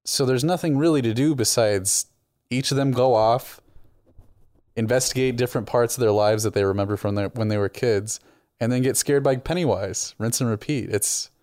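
A man co-hosting a casual movie review chat, giving opinionated, animated takes. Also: mid-range voice, moderate pace, no echo, clean studio sound. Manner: opinionated, animated, frequent restarts. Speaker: movie review podcast co-host.

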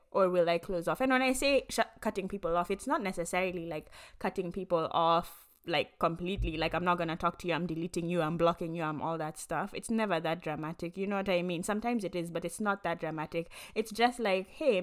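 A woman's voice: on the low side, fairly quick, hardly any pauses. A woman co-hosting a podcast, chatty and casual, filling her talk with "like" and "you know what I mean". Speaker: podcast co-host. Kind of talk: casual chat.

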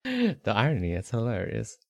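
A man co-hosting a podcast in casual chat, curious and eager with his questions, quick to react with surprise. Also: on the low side, wildly swooping pitch, creaky, darkish tone. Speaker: podcast co-host.

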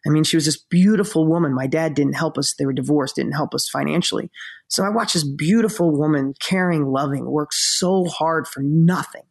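A man's voice: fairly high pitch, moderate pace, gravelly, slightly rough. A middle-aged man co-hosting a podcast, telling a personal story in an earnest, emotional way, close to tears. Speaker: podcast co-host.

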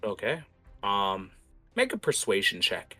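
Guy running a tabletop rpg, chatty, bright voice, lowish pitch, um and uh everywhere. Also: wildly swooping pitch, soft background music. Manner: casual, halting, lots of fillers. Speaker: game master. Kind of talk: narrating a tabletop game.

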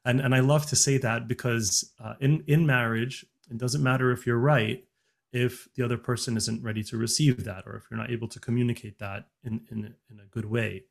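A man's voice: medium pitch, steady tone, brisk, gravelly. A man talking earnestly in a casual podcast chat, giving relationship advice with many restarts and fillers.

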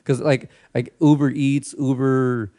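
A man's voice: medium pitch, level tone, unhurried, warm tone. A man co-hosting a podcast, chatting casually and telling crude stories with lots of laughter. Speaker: podcast co-host. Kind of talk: casual chat.

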